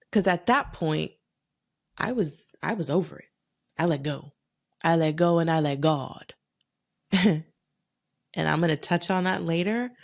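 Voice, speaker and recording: A young adult woman hosting a solo podcast, telling a personal story in a frank, profane, animated way. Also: sits low. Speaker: podcast host.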